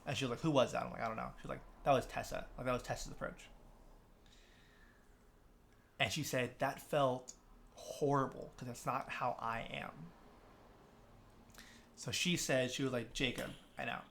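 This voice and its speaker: A man's voice: medium pitch, steady tone, normal speed, creaky, fairly bright tone, slight background noise. A young man, a podcast guest, telling a long story in casual chat, with many restarts, and acting out what other people said. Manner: rambling, many restarts, acts out quoted people.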